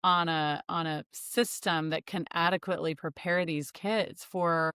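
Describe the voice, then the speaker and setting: A woman hosting an education podcast asks engaged, long-winded questions. Her voice is bright and crisp yet sits a little low for a woman. The recording is dry and close. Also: steady tone, measured pace, no room sound. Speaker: podcast host. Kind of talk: interviewing.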